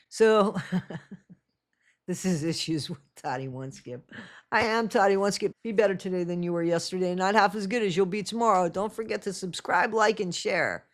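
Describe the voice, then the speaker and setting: A woman hosting her own channel and giving blunt, sarcastic reaction commentary. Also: lowish voice. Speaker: channel host.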